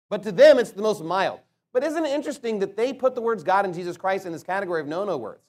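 A man preaching a sermon, asking rhetorical questions and slowing down to stress his points. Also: high-pitched. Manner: emphatic, rhetorical questions, slows to stress words.

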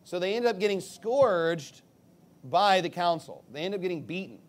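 A man preaching a sermon in an emphatic, conversational way, acting out quick asides. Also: high-pitched, expressive. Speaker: pastor.

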